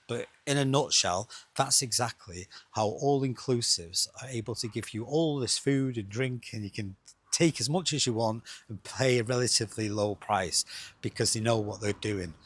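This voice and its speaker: A middle-aged man, chatting quickly and rhetorically as he explains travel costs to viewers. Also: on the low side, a bit bright, husky. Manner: chatty, rhetorical, fast-talking. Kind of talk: casual explainer monologue.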